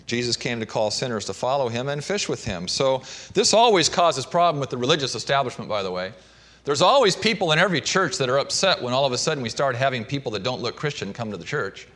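A man preaching a sermon, shifting between emphatic and hushed delivery. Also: medium pitch, sing-song, fast. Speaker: pastor.

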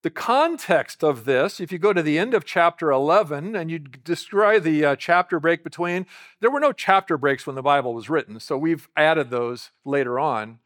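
Working through scripture in a chatty way, this pastor keeps asking his congregation rhetorical questions as he teaches. He speaks at a moderate pace with lively intonation, and his slightly raised voice has a somewhat bright quality.

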